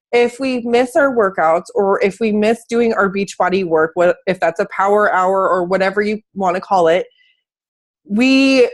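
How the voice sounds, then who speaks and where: Woman host on a video call, emphatic and blunt, pep-talk energy. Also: medium pitch. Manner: emphatic, motivational, blunt with mild swearing. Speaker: host of a coaching live video. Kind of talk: casual live-stream chat.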